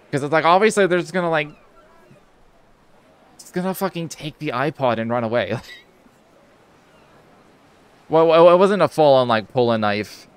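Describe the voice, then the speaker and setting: A man's voice: mid-range voice, clear, resonant tone. A young man streaming a video game, telling a story in a rambling, casual way, with lots of restarts, filler words and casual swearing. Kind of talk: casual storytelling while gaming.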